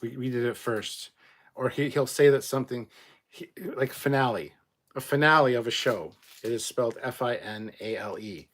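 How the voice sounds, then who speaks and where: A man's voice: medium pitch, moderate pace, a bit bright. A man from Canada reading out viewer comments in a casual live chat, blunt and rambling, swearing freely.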